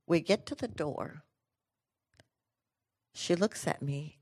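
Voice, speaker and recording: A middle-aged woman from the United States giving an inspirational talk, telling a personal story with lively swings between energetic and hushed delivery. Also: slow pace, pauses often, slightly rough. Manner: animated storyteller, drops to quiet low tones for emphasis. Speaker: inspirational speaker.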